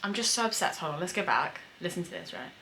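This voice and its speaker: A woman's voice: on the low side, lively intonation, quick pace, very noisy. A young woman, chatting casually about a series she is watching, full of fillers and getting emotional and sweary. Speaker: screenwriter reacting to a series. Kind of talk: casual reaction commentary.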